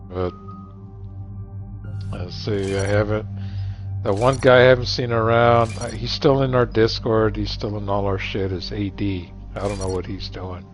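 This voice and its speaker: A middle-aged man chatting casually while gaming, rambling and profane, cracking jokes at his friends' expense. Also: fairly low pitch. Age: 40s or 50s. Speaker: gamer streaming. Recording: dull lo-fi recording, faint music.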